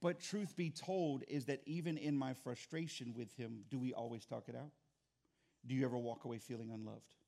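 A pastor preaching a sermon, animated and acting out little dialogues, moving from loud bursts to quiet, low reflection. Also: male voice, normal speed, creaky. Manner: animated, acts out voices and dialogue. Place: church sanctuary.

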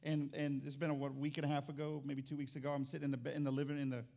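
This middle-aged man preaching as pastor has a high, creaky voice and speaks very fast. He's comic and animated in his storytelling, alternating loud bursts with quiet asides.

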